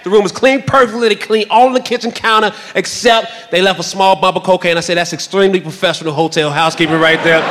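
A man's voice: high voice, steady tone, fast, hardly any pauses, background noise. A male stand-up comedian telling a crude, boastful story to a crowd. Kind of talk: stand-up routine.

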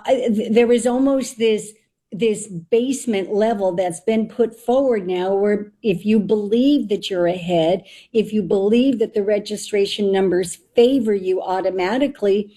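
Woman candidate, emphatic and argumentative, mellow warm tone. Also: mid-range voice. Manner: emphatic, argumentative, mock-polite asides. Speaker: candidate for lieutenant governor. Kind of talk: political discussion.

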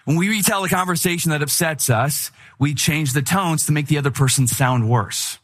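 Man preaching with slightly higher pitch. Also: moderate pace. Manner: animated and candid, with humorous asides. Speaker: pastor. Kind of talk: conversational sermon.

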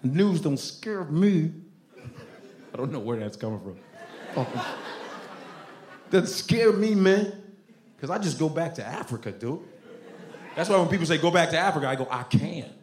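A man from Nigeria doing an animated, profane stand-up set on a comedy club stage, often laughing. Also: fairly high pitch, unhurried, pauses often, roomy sound, slight background noise.

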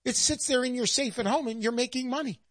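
A woman's voice: fairly high pitch, quick pace, dry recording, studio quality. A woman giving a persuasive sales monologue in an emphatic, sarcastic, folksy way. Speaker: presenter pitching gold investment.

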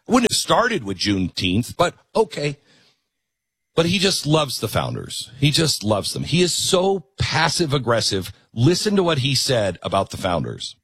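Sarcastic, animated male commentary host. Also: medium pitch, moderate pace, husky, dry recording. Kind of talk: political commentary.

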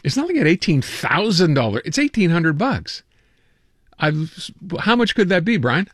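A male radio host running a casual news segment, talking in a loose, joking way and tripping over his own words. His voice sits a little high for a man. It sounds close and dry. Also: sing-song, normal speed, dry recording. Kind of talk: casual talk radio banter.

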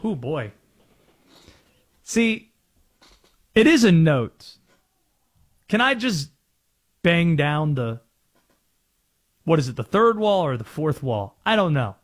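Lively, chatty sports radio host. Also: male voice, on the high side, takes it slowly, long pauses. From North Carolina. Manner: chatty, self-aware, explains his bits.

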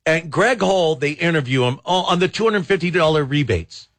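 A man's voice: a little high, expressive, normal speed, fairly bright tone. A man hosting a talk radio show, rambling and exasperated, with many false starts. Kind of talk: casual talk radio commentary.

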